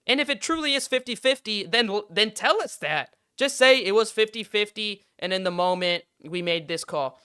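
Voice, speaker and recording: A man's voice: high-pitched, animated, moderate pace, few pauses, pushed and bright, smooth, no room sound, clean studio sound. A young man hosting a podcast, ranting in heated, frustrated casual sports commentary and swearing freely. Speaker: podcast host.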